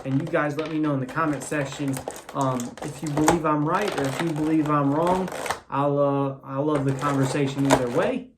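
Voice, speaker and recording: A man's voice: fairly high pitch, little pitch movement, moderate pace, heavy background noise. Rambling man reviewing a toy figure. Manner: rambling, many fillers and restarts. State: has the hiccups. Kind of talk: casual unboxing review.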